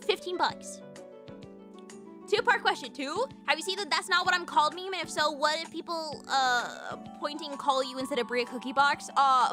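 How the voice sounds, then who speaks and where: Bubbly woman streamer, high voice, cusses a lot, chats with viewers. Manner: bubbly, profane, chatty with viewers. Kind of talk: casual live-stream chat.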